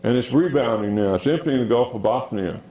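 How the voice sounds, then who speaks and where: A man giving a geology lecture with slides, halting with many fillers and calling for the next slide. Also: mid-range voice, mellow. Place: lecture hall. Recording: echoey lecture hall.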